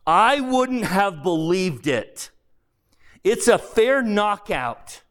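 Blustering bullish male ghost, aggrieved, lively rising pitch, slow, read out by a man. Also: full character voice. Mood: indignant.

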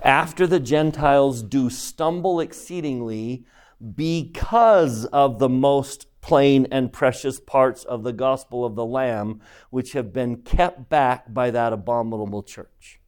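A man's voice: medium pitch, slow, darkish tone, clear, resonant tone. A man teaching a scripture class, who keeps asking his students questions and repeats key phrases for emphasis. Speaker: religion teacher.

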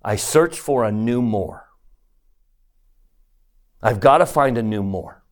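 Animated male scripture teacher, mid-range voice, punchy rhetorical questions. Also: medium pitch, slow. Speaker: religious teacher. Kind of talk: scripture lesson, reading a picture book aloud.

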